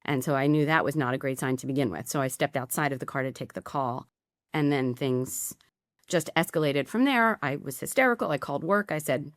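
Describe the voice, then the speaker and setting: A middle-aged woman, a podcast guest, telling a personal story candidly with quick asides. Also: sits low, no echo, studio quality.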